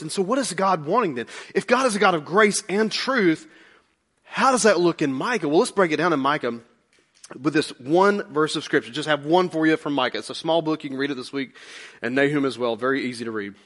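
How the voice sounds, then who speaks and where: A man's voice: a little high, expressive, fast, a bit bright. Emphatic male pastor preaching. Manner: emphatic, conversational preaching with humor and rhetorical questions. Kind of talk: sermon.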